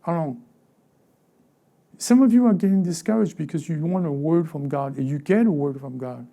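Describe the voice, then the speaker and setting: A male pastor delivering a sermon in a church, his voice gravelly and very dark. He fires rhetorical questions at the congregation and slips into brief acted-out voices of the people he describes, and he often repeats and restarts his phrases. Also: a little high, moderate pace. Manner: acts out short quoted voices, asks the congregation rhetorical questions. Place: church sanctuary.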